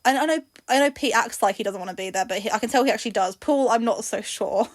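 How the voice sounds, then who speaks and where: A woman with a fairly high voice talks casually, often restarting her sentences as she recounts things. The sound is dry and close, with no room around her. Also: quick pace, no room sound. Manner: hesitant, recounting with many restarts. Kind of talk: casual chat.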